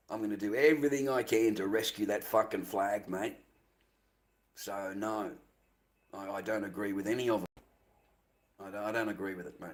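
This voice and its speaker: An Australian man ranting angrily on a livestream, swearing heavily and repeating himself. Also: on the low side. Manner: angry, profane, repetitive ranting. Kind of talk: livestream rant.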